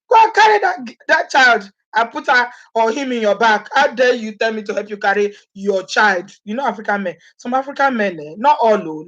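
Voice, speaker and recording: A Nigerian woman vlogger with a Nigerian accent and a mid-range voice chats casually with her live viewers. She is animated, laughs often and acts out what people said, though the recording is muffled.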